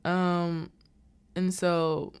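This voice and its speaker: A woman's voice: on the low side, level tone, drawn-out words, creaky, clear, resonant tone. A young woman casually recapping a film's plot, quoting the characters as she goes. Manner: retells the plot with quoted lines and filler "like". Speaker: movie reviewer.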